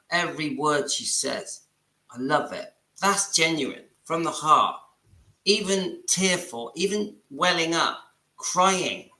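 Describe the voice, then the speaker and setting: A man hosting a casual reaction video, chatty and enthusiastic, calling his viewers guys as he pauses a clip to comment. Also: a little high, lively intonation, bright, forceful tone, roomy sound. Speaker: channel host reacting to a video.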